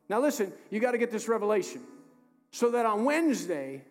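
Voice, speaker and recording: A man, the pastor, preaching a sermon emphatically, moving between loud urging and hushed, slow delivery. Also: sits high, expressive. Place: church sanctuary. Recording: music under voice in a reverberant hall.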